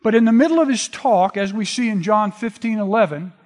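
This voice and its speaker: A man preaching a sermon, retelling scripture in a relaxed, conversational storytelling way. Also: high-pitched, fairly quick. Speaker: pastor. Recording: long reverb of a large hall.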